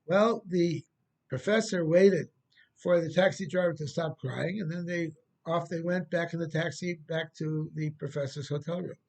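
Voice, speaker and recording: A man, a rabbi, giving a storytelling sermon in a gentle, unhurried way with occasional fillers. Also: a little high, gravelly.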